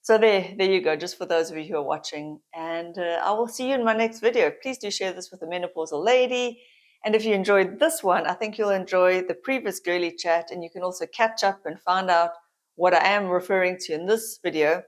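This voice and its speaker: A middle-aged woman with a South African accent talks to camera in a relaxed, confiding vlog chat. Her voice sits a little low, and she often breaks into laughter between thoughts. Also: a little fast. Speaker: vlogger.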